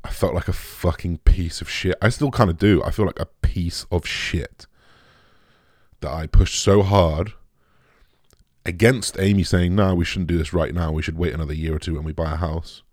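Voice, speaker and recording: A young man talking candidly and emotionally to his viewers, halting often, restarting sentences and swearing. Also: low-pitched, steady tone, a little mellow, no echo, studio quality. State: emotional, shaken. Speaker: vlogger. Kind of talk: candid personal talk to camera.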